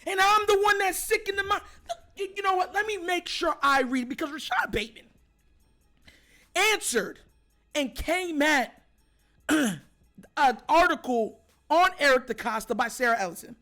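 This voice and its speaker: A high-pitched man hosts a fired-up sports rant, shouting and hammering the same points again and again. Soft music plays faintly behind his voice. His delivery swings between loud outbursts and quick, insistent asides. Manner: fired-up, shouting, repetitive emphatic. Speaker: sports show host. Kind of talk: heated sports commentary rant.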